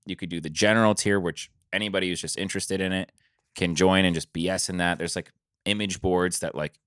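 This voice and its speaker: A young male podcast co-host with a low, steady, smooth voice that's a bit bright talks fairly quickly, rambling casually and filling gaps with fillers. The studio mic sound is clean and echo-free.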